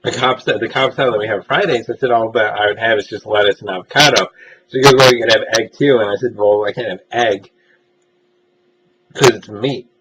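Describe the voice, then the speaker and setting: A man's voice: lowish voice, fairly even intonation, fairly quick, fairly bright tone, low-quality recording. A young man casually telling personal stories as a vlogger, rambling and self-deprecating with lots of filler uhs. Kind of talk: casual storytelling monologue.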